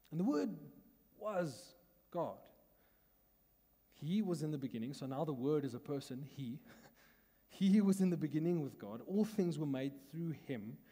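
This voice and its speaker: Pastor, male, South African accent, mellow voice, chatty teaching tone, church hall with long reverb. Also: on the high side. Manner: conversational teaching, asks the congregation questions, laughs often. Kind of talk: sermon.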